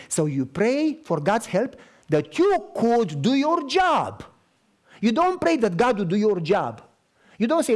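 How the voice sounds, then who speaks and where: A man's voice: very high-pitched, wildly swooping pitch, measured pace, a little mellow. A man from Romania, preaching a sermon emphatically and acting out conversations. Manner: emphatic, acts out dialogue. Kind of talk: storytelling sermon.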